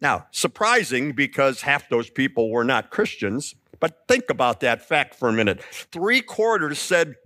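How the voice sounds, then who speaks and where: Animated preacher man. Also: medium pitch, unhurried, hardly any pauses, no room sound, studio quality. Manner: animated storytelling, acting out quoted lines. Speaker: pastor. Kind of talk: sermon.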